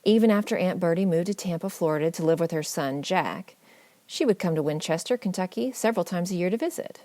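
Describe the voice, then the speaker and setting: A woman narrating a family memoir audiobook in a measured, gently wry storytelling manner. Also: fairly low pitch, no echo.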